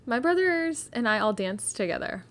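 Relaxed young woman, casual podcast chat. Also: fairly high pitch, normal speed. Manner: relaxed, reflective, filler-heavy talk.

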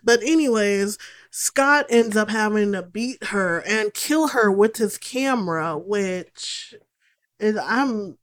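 A woman's voice: medium pitch, slow pace. Young woman host, casual film recap, profane and sarcastic delivery.

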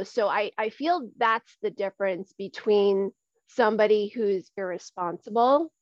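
A woman's voice: medium pitch, no room sound. Candid woman guest on dull lo-fi audio. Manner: earnest, repeats words as she thinks. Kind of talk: candid conversational interview. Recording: dull lo-fi recording.

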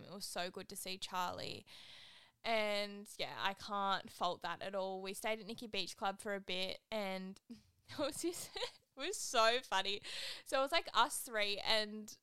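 Young woman, podcast host, chatty, rambling, smooth voice, mid pitch. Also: pushed and bright, no room sound. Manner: chatty, rambling, heavy use of "like". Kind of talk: solo casual podcast chat.

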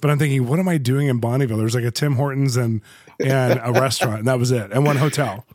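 A man's voice: mid-range voice, steady tone, fast, darkish tone, dry recording. Upbeat joking American male podcast host. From United States. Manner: enthusiastic, joking, laughs often. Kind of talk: casual interview chat.

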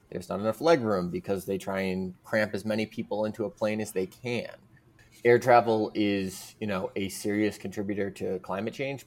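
A man speaking as a podcast guest, making a rambling, earnest case full of fillers. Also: fairly low pitch. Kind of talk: casual conversational argument.

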